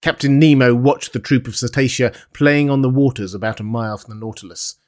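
A man narrating a classic adventure novel aloud in a steady, measured reading. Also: medium pitch. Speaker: audiobook narrator.

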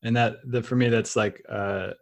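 A man's voice: mid-range voice, fairly even intonation, moderate pace. A man hosting an interview, asking long questions with many hesitations and fillers. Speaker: podcast host. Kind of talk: conversational interview.

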